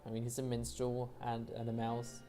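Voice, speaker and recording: A woman's voice: a bass voice, monotone, normal speed, dark tone, faint music behind. A woman hosting a video game playthrough, chatting and reading the game's texts aloud in a self-deprecating way. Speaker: gaming channel host. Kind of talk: let's play commentary and reading aloud.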